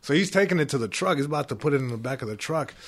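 A man's voice: medium pitch, lively intonation, rapid-fire, fairly bright tone. A man telling a profane, laughing story in casual chat, acting out what others said. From Mexican-American family. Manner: profane, laughing, acts out quotes. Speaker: storyteller guest.

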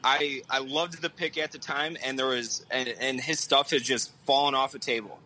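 Blunt bright-voiced male sports co-host. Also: medium pitch, fairly even intonation, moderate pace, rough recording. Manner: blunt, opinionated, swears. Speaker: podcast co-host. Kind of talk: casual sports chat.

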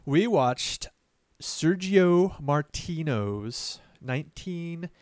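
A man hosting a film podcast in an easy, chatty way, thinking aloud and restarting sentences as he goes. His voice is smooth and clean, at a middling pitch. It is recorded close up, with a dry, dead sound. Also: lively intonation, drawn-out words, darkish tone, no echo. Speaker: podcast host. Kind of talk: casual horror film discussion.

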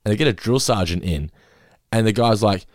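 A man's voice: fairly low pitch, a little fast, no echo, studio quality. A man co-hosting a podcast, chatting casually and laughing as he rambles about an episode. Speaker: podcast co-host. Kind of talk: casual chat reviewing an episode.

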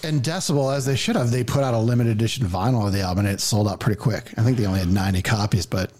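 A man's voice: on the low side, very fast, darkish tone. A man co-hosting a podcast, tipsy from drinking, loose and rambling in casual chat.

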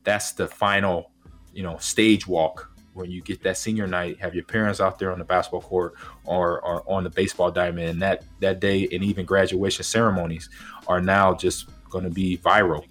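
A man's voice: deep voice, little pitch movement, normal speed, fairly bright tone, faint music behind. A man talking as a guest on a sports radio show, laid-back and rambling with plenty of fillers. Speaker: guest, former football player.

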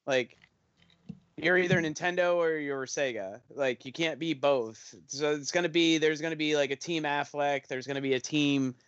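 A man co-hosting a casual podcast chat, arguing his point in an excitable back-and-forth. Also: fairly high pitch, moderate pace, dry recording, dull audio. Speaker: podcast co-host.

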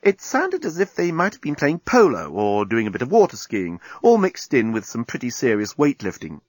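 A man's voice: medium pitch, huge pitch swings, normal speed, no room sound. A man narrating a comic science fiction audiobook with a wry manner.

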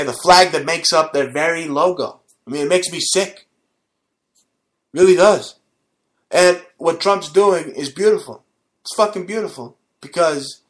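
A man hosting his own show, delivering a combative, profane, mocking rant. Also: fairly high pitch. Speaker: show host. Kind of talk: ranting monologue.

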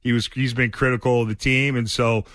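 A man's voice: mid-range voice, level tone, fairly quick, fairly bright tone, dry recording, clean studio sound. A man hosting a sports radio show, telling stories in a loose, rambling way with many fillers and restarts. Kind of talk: casual sports talk storytelling.

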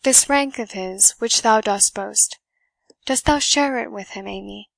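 A woman voicing an earnest young gentleman who speaks solemnly and commandingly. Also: mid-range voice, unhurried, gravelly, no room sound.

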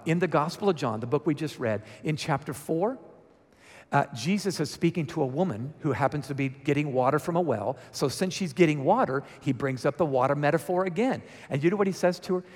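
Southern preacher, Georgia accent, man, slightly high voice, lively questions to the room, long hall reverb. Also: fairly quick. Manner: lively, asks the congregation questions. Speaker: guest preacher. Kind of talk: conversational sermon. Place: church sanctuary. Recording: reverberant church sanctuary.

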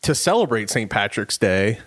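Middle-aged guy cohosting a podcast, lowish voice, lots of ums and restarts. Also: very animated, moderate pace, fairly bright tone. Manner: rambling, many fillers and restarts, laughs easily. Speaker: podcast co-host. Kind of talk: casual chat.

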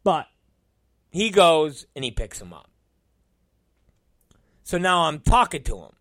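A man's voice: a little high, very animated, slow, a bit bright, dry recording, studio quality. A middle-aged man hosting a podcast, telling an exasperated story in a profane, casual rant. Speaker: podcast host and wrestling promoter.

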